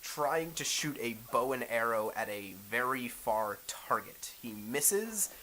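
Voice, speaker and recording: A man running a tabletop role-playing game as game master, narrating with many pauses and fillers. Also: mid-range voice, slight background noise, low-quality recording. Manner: relaxed, hesitant, many fillers.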